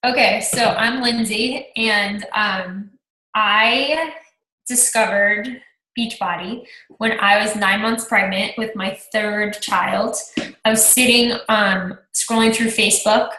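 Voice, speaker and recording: A woman's voice: mid-range voice, fairly even intonation, slow, pushed and bright, reverberant, poor audio. A woman in her thirties telling her own story on a group call, chatty, acting out her own past thoughts. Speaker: team coach sharing her story. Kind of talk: personal testimonial on a group call.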